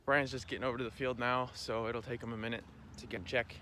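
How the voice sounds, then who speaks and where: Young male farmer, vlog host, easygoing chatter with jokes, average pitch. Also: little pitch movement, quick pace, bright, forceful tone, a little hiss or hum. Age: young adult. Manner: chatty, joking asides. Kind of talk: casual vlog narration.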